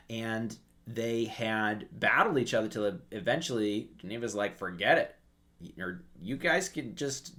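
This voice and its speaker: Animated low-voiced male commentator. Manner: animated storytelling, acts out quotes. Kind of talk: casual history commentary.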